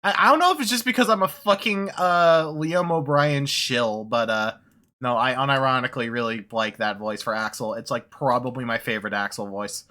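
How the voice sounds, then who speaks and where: Bright-voiced rambling game streamer. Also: mid-range voice, moderate pace. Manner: rambling, profane, laughs often. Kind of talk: casual gaming stream chat.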